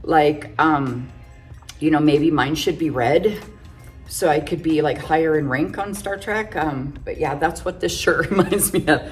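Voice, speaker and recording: A woman's voice: deep voice, measured pace, faint music behind. A middle-aged woman chatting through a casual makeup tutorial, full of self-joking, giggly asides. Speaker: makeup vlogger.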